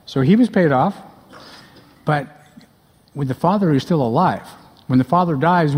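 A male pastor delivers an emphatic sermon, putting pointed questions to the congregation. His voice sits high for a man. It rings out with the long reverb of a church hall. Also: a little mellow, breathy edge. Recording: echoey hall.

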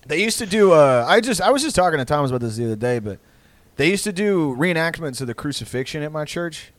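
A man's voice: a little high, very animated, fast talker, dry recording. A man from Texas hosting a podcast, telling comedic stories in a rambling, profane way. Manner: rambling, profane, with frequent restarts. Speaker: podcast host. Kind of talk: casual comedic storytelling.

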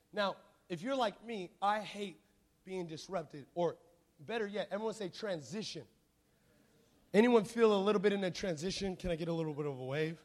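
High-voiced playful man preaching. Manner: animated, playful, call-and-response with the congregation. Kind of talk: sermon with storytelling.

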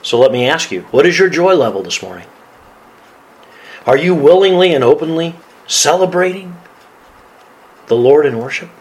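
A male pastor preaches a sermon with a lively, swooping delivery and a slightly raised voice. He reads scripture aloud and laughs easily. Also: fairly high pitch, moderate pace, long pauses, poor audio.

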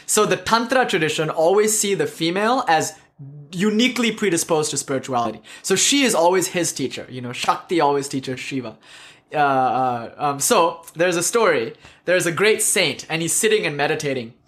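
A man's voice: on the high side, animated, normal speed, a bit bright. A man from South India giving a casual, joking spiritual talk full of stories. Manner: joking, conversational, laughs often. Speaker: spiritual teacher.

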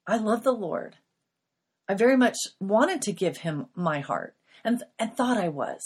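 Breathy middle-aged woman, podcast host, earnest confessional faith testimony. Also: medium pitch, sing-song, unhurried.

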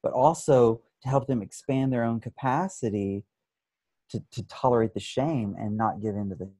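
A man who works as an addiction therapist, explaining his approach in an interview with thoughtful pauses and frequent restarts. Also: mid-range voice, dark tone, no room sound. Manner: thoughtful, many restarts, acts out examples.

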